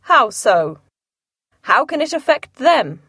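A woman reading aloud, giving the lines of a dry, sarcastic older gentleman in a wry, understated tone. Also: high voice, very animated, slow pace, breathy edge, no echo, heavily acted.

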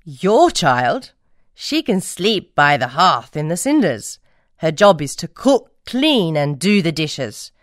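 A woman voicing a cold, bossy middle-aged stepmother in a storybook, slow and commanding. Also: low voice, big pitch swings, no room sound, clean studio sound, full character voice.

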